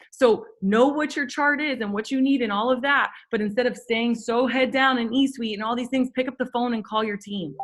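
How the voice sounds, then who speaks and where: A woman's voice: mid-range voice, fairly bright tone. A woman giving a motivational pep talk to her sales team, earnest and coaching, full of rhetorical questions. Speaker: network marketing leader.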